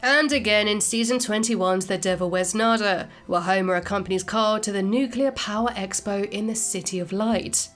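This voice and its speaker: A woman host narrating a scripted video in a clear, measured way. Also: medium pitch, a bit bright, soft background music. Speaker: channel host.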